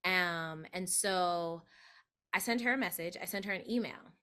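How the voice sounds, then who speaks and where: A woman guest, a doula, telling a personal story in a chatty, animated interview manner. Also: moderate pace. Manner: animated, acts out quoted voices with big pitch jumps.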